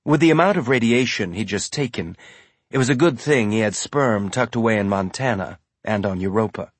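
A man giving measured, scripted audiobook narration. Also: fairly low pitch, slightly rough, no echo.

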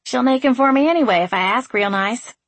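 A woman's voice: fairly high pitch, dry recording, pitched above the performer's own voice. A woman voicing a sarcastic, stubborn young woman. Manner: sharp, sardonic, quick to snap.

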